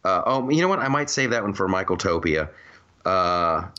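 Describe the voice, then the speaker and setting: A man's voice: low voice, lively intonation, normal speed, sharp tone, lo-fi sound. A man hosting a casual, comedic podcast chat, rambling through stories with many restarts and laughs. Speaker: podcast host.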